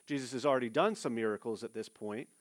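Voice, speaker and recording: Guy preaching a sermon, chatty, talks right to the crowd, mid pitch. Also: quick pace. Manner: conversational preaching with fillers, addresses listeners directly. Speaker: pastor.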